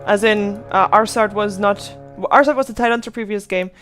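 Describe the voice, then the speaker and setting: A woman's voice: mid-range voice, a little fast, fairly bright tone, soft background music. A woman casting a live esports match as play-by-play commentator, chatty and thinking aloud. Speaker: esports caster.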